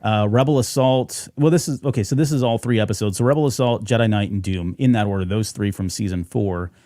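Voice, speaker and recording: Male podcast co-host, casual and rambling, low mellow tone, dry close mic. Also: a little fast, no room sound. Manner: rambling, many fillers and restarts. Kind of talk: casual fan podcast chat.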